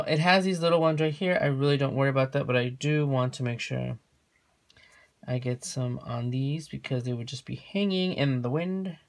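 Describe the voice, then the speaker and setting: A craft tutorial host chatting through a hands-on demo at a home work table, often stopping to correct themself mid-sentence. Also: medium pitch. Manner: chatty, with frequent self-corrections. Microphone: camera framing a work surface.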